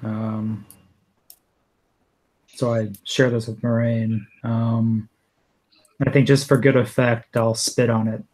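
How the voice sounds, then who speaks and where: A man's voice: medium pitch, level tone, slow, pauses often, a little mellow, rough recording. A man playing a tabletop game, speaking hesitantly with frequent ums. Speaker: player. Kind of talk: casual tabletop play.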